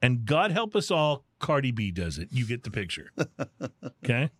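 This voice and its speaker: A man's voice: medium pitch, sing-song, normal speed, no echo, clean studio sound. A man hosting a casual podcast chat, playful and a bit hammy when he announces segments. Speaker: podcast host. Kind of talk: casual chat while tasting whiskey.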